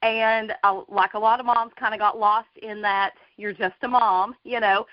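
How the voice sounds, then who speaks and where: A woman's voice: mid-range voice, steady tone, normal speed, dry recording. Woman, 30s, earnest storyteller, dull dry call audio. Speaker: guest. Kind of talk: casual personal story.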